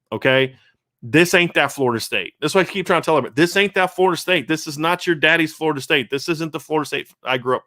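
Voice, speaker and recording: Casual guy host reading chat messages, middle pitch, stumbles and restarts a lot, dry sound. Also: fairly bright tone, no room sound. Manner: conversational, earnest, many restarts. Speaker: show host. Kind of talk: casual live-stream chat reading viewer comments.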